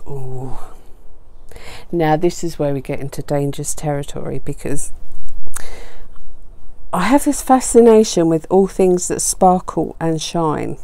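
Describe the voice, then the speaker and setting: A woman's voice: deep voice, measured pace, pauses often, warm tone, no room sound. A woman chatting casually as she unboxes craft supplies, gushing and exclaiming over each item with chatty asides, on a desk mic close to her chin. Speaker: papercraft vlogger.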